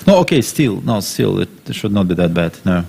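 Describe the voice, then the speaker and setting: A man co-commentates on a chess game, working out the moves aloud and often restarting his sentences. His voice is low and husky, with a gravelly edge. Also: big pitch swings, dark tone. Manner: hesitant, restarts, quick back-and-forth.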